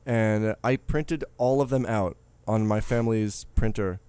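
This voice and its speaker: A man's voice: lowish voice, unhurried, dark tone, clear, resonant tone, no room sound. A man in his thirties co-hosting a podcast in casual, joking, rambling chat. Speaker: podcast co-host.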